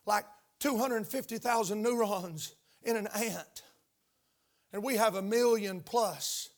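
An older male pastor preaching to his congregation in church. He speaks in a fairly high voice and keeps throwing questions out to the room, stressing his points. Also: slow pace. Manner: emphatic, call-and-response questions to the congregation. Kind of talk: sermon. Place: church sanctuary.

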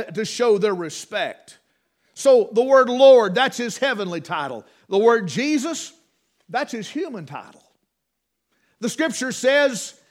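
A man's voice: sits high, fairly bright tone. A man preaching a sermon, emphatic, with restarts and rhetorical questions to the congregation.

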